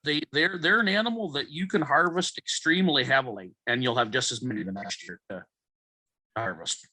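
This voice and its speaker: A man's voice: mid-range voice, fairly quick, bright, forceful tone, no echo, poor audio. A man from Ontario, Canada, a trapper speaking as a guest in a casual interview, plainspoken and matter-of-fact.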